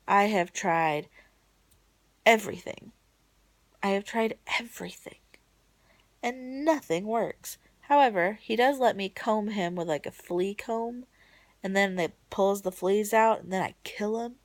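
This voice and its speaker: Slow-talking woman in a dry close room. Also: no echo. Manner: rambling and emotional, swinging from bright excitement to soft low murmurs. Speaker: vlogger. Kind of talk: casual video diary. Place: at home late at night.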